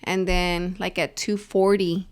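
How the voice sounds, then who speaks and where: A woman's voice: lowish voice, little pitch movement, slow pace, clean tone. A young woman co-hosting a podcast, chatting casually and rambling through her week, dropping in Spanish phrases. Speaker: podcast co-host. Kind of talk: casual chat.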